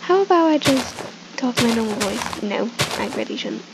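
A woman's voice: on the high side, expressive, normal speed, very noisy. A teenage girl talking to herself in a half-whisper while playing a building game, recorded on a headset mic at home. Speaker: gaming channel host. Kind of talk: casual game commentary. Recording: loud music underneath.

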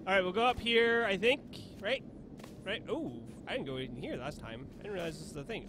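In this clip a let's play host, a playful young man, gives casual commentary while gaming, frequently laughing and voicing the game's lines in silly accents. He sounds high, animated, a bit bright and slightly fast, with a faint hiss or hum.

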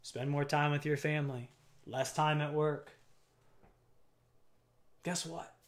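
High-voiced man preaching emphatically. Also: steady tone, takes it slowly. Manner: preaching with rising, emphatic build-ups and rhetorical questions. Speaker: pastor. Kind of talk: sermon.

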